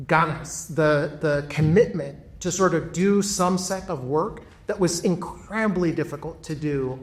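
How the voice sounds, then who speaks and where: A man giving a reflective, earnest talk as a panel speaker, pausing on fillers. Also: on the high side. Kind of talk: public talk. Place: packed room.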